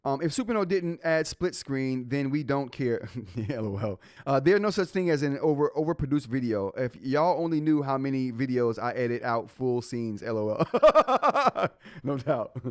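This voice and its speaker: Animated man hosting a tech stream. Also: mid-range voice, normal speed, dry recording, studio quality. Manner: reads update notes aloud and reacts to chat. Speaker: tech show host. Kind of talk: live-stream casual tech talk.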